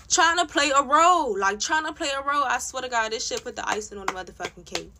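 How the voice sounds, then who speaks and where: A young woman rants through a personal story, blunt and heated, swearing freely and scattering "like" through every sentence. Her voice sits a bit high and comes out bright and sharp. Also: lively intonation, fast talker, few pauses, a little hiss or hum. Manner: blunt, profane, heated retelling with many "like" fillers. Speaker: storytime vlogger. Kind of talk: casual storytime rant.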